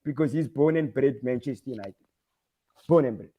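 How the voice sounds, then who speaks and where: A man's voice: mid-range voice, normal speed, mellow, husky. A man arguing football in a casual panel chat as a Manchester United supporter, emphatic and blunt, with some swearing.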